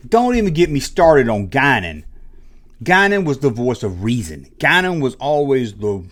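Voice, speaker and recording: A man's voice: mid-range voice, big pitch swings, moderate pace, fairly bright tone. A man hosting his own channel, giving an exasperated, sarcastic rant in a commentary vlog. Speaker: channel host.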